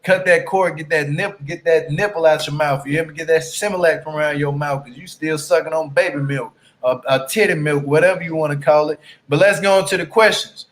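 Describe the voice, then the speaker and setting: A man's voice: a little high, fairly even intonation, a bit bright. A man giving a blunt, profane rant in casual commentary as he recaps a reality TV episode. He drags out words for emphasis and keeps asking the listener "you hear me?". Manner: drawn-out emphatic phrasing. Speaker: TV reality show recap YouTuber.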